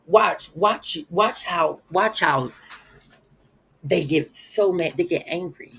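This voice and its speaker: A man's voice: sits high, lively intonation, slow, gravelly, fairly bright tone, husky, rough recording. A man hosting a casual live stream, rambling and chuckling as he talks straight to his viewers.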